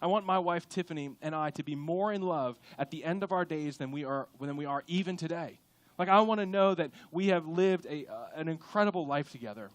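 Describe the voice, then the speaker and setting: A young adult man preaching a sermon in a church, lively and conversational, now and then acting out quoted voices. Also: fairly high pitch, fairly quick, no room sound. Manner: animated, acts out quoted voices. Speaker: pastor. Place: church auditorium.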